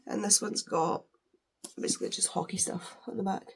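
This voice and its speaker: A woman's voice: medium pitch, steady tone, moderate pace, gravelly, husky. A woman chatting casually while unboxing books, gushing, with lots of fillers. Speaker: book vlogger.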